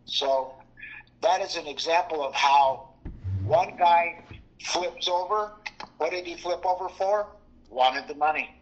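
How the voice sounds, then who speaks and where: A man appearing as a guest on a talk show, speaking casually and haltingly. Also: a little high, highs cut off. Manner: halting, with fillers and restarts.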